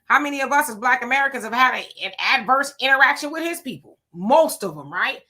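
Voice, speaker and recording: Bright-voiced woman hosting a live chat. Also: high-pitched, animated, a little fast. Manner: chatty, conversational, greets viewers by name. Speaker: livestream host. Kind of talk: casual livestream chat, reading viewer comments.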